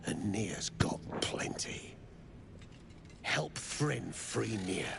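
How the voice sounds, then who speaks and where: An actor playing a gruff, greedy mercenary who talks in coarse, threatening slang. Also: male voice, lowish voice, expressive, extremely slow, background noise, exaggerated voice. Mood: wheedling.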